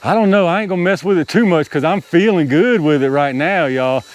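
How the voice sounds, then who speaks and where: A man's voice: fairly high pitch, animated, fairly quick, a little hiss or hum. A man gives casual running commentary outdoors while flying a model helicopter, talking to viewers and laughing at his own panicky moments. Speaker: RC hobby video host. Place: outdoors, small open area.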